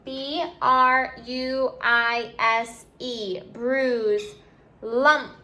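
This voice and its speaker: A woman teacher leads an online spelling lesson, sounding words out and spelling them letter by letter. Her voice is bright and a little high, and she speaks at a slow, patient pace. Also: steady tone.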